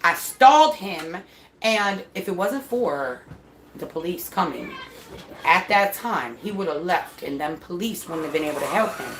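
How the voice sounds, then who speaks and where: A woman casually telling a story about her son, animated and swearing freely as she acts out what people said. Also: lowish voice, unhurried. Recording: echoey room with faint noise.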